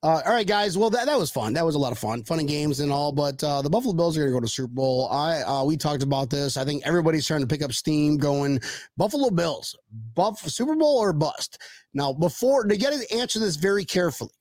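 A man's voice: fairly high pitch, animated, fast talker, darkish tone, no room sound, studio quality. A man hosting a podcast in casual chat, rambling and joking and swearing freely. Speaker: podcast host.

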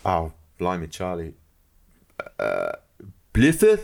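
A man's voice: deep voice, normal speed. A man with a Welsh accent co-hosting a podcast in casual chat, joking and laughing often. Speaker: podcast co-host.

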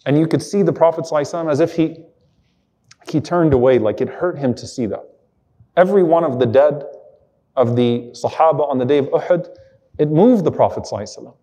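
A man's voice: fairly high pitch, fast talker, warm tone. A man giving an Islamic lecture, retelling an emotional story earnestly and quoting Arabic passages. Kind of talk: sermon-style storytelling lecture.

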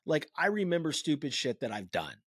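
Animated, foul-mouthed man hosting a podcast. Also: on the high side, a little fast, slightly rough, dry recording, studio quality. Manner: animated storyteller, swears a lot. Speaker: podcast host. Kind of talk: casual chat. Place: lives in Saint Louis.

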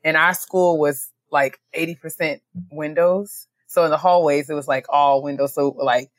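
A woman co-hosting a casual chat podcast, telling animated stories and laughing often. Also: sits low, normal speed, no echo. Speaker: podcast co-host.

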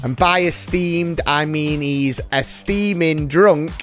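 A playful man hosts a chatty podcast, joking around in a slow, unhurried way. His voice sits a little high and bounces all over the place. There is faint music underneath. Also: a bit bright. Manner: jokey and playful, laughs often. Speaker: podcast host. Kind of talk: casual podcast chat.

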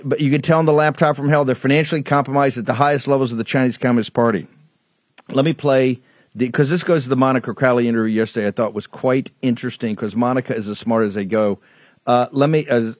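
A male talk show host delivers a heated, rambling monologue, stumbling over his words as he gets worked up. His voice sits at a middle pitch. It is recorded close and dry. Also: no room sound. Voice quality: rambling, fired up, frequent restarts.

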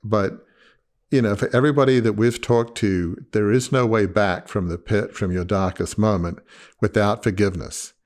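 A man with a fairly low voice hosts a conversational podcast interview. He speaks earnestly and with emphasis, circling back to stress what matters. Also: steady tone, normal speed, a little mellow. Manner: earnest, emphatic, repeats key points. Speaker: podcast host.

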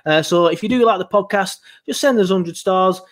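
High-voiced grumbling man. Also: normal speed. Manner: sarcastic, grumbling mock complaints. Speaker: podcast co-host and producer. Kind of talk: casual podcast banter.

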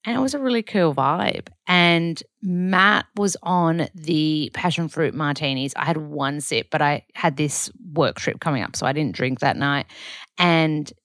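A woman's voice: low-pitched, unhurried, a bit bright, dry recording, clean studio sound. An Australian woman hosting a podcast, chatting casually through a weekly diary and often correcting herself. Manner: chatty, rambling with self-corrections. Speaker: podcast host.

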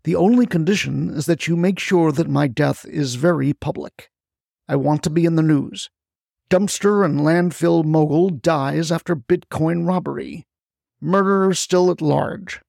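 A calm, scheming male mogul, put on by a man narrating, speaks smoothly and persuasively. His voice is heavily gravelly and sits a little high. The sound is close and dry. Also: measured pace, dry recording. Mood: fatalistic.

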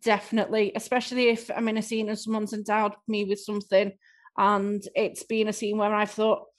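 A woman with a warm-sounding Scouse accent chats through interview questions, laughing at herself now and then. Her voice sits at an ordinary middle pitch, and she talks in a loose, casual way. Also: flat delivery, a little fast. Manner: chatty, self-deprecating, laughs easily. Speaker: improv performer, interviewee.

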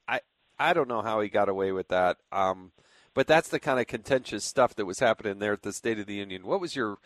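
A man's voice: lowish voice, lively intonation, brisk, no room sound. Guy hosting talk radio, fired up and punchy, lots of "do you think" questions, dry booth. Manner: indignant, emphatic, rhetorical questions. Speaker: fill-in radio host.

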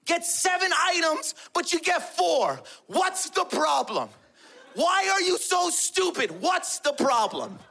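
A man playing his shrill immigrant mother, scolding and shouting at her husband. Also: expressive, moderate pace.

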